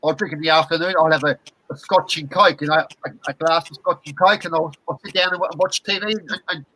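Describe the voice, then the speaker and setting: Rambling man with a bright voice. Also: on the high side, steady tone, fast talker, no room sound, poor audio. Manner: rambling, repeats words, many fillers. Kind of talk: casual chat.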